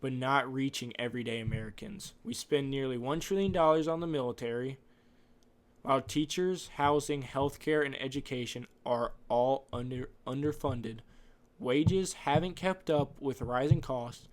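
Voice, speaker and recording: A man's voice: mid-range voice, moderate pace. Rambling male podcast host. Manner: rambling, off-script, opinionated. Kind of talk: casual monologue.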